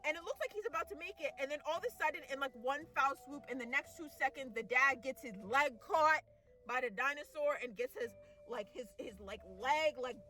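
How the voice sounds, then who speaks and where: High, bright-voiced woman ranting in disbelief. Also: fairly quick, faint music behind. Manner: exasperated, rambling with many fillers and restarts; mocking quoted characters in exaggerated voices. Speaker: vlogger ranting about a movie. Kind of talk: casual rant.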